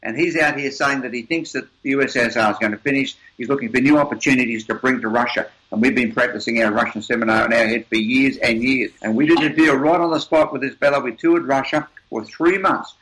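A man's voice: medium pitch, quick pace, hardly any pauses, a bit bright, rough recording. An older man, an interview guest, telling motivational stories in an emphatic, upbeat way with repeated words. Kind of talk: motivational storytelling.

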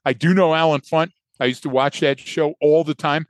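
A man's voice: fairly high pitch, fairly even intonation, normal speed, no room sound. A man co-hosting a podcast, telling a story with energy and acting out his own thoughts. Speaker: podcast co-host. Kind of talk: casual conversational storytelling.

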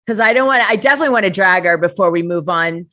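A woman hosting a podcast in casual chat, blunt and eager, reacting quickly to her guest. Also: fairly low pitch, lively intonation, pushed and bright. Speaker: podcast host.

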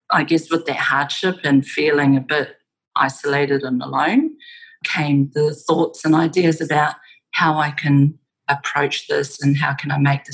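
A middle-aged woman with a New Zealand accent, speaking in a low, husky voice. She tells her stories in a reflective, conversational way as a guest in an interview, now and then laughing softly. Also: poor audio. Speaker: game studio founder, guest.

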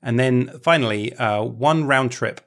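A man's voice: medium pitch, a little slow, a bit bright. A man co-hosting a podcast in casual chat, talking with many ums and restarts. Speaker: podcast co-host.

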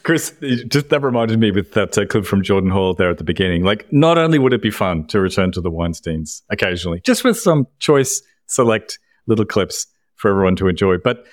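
A man's voice: fairly low pitch, big pitch swings, a little fast, few pauses, no room sound, studio quality. A man co-hosting a podcast, bantering wryly and laughing easily in casual chat. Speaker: podcast co-host.

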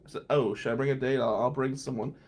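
A middle-aged man hosting a podcast, telling a story in a casual, animated way, acting out both sides of a conversation and swearing now and then. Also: medium pitch, fast talker, husky. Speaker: podcast host, defense attorney.

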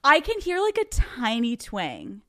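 Woman, young adult, from Philadelphia area, podcast host, chatty, curses freely, higher pitch. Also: wildly swooping pitch, sharp tone. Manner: chatty, swears freely, quick asides. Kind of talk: casual chat.

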